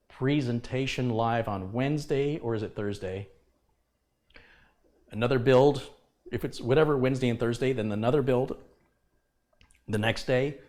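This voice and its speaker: A livestream host fixing computers on air lectures his audience in a relaxed but passionate, emphatic manner. His voice is fairly low and a little mellow.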